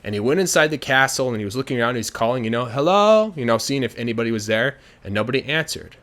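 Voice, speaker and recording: A male storyteller retelling a folk tale in a casual, conversational manner. He talks in a relaxed way, often using fillers. The voice sits in an average middle pitch. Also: rapid-fire. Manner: chatty, many fillers, grows animated.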